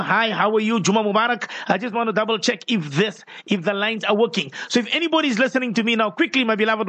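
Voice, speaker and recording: Guy hosting a call-in radio show, high voice, dry close studio sound, reads numbers out slow. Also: dry recording. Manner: repeats numbers slowly, warm greetings to listeners. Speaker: radio host.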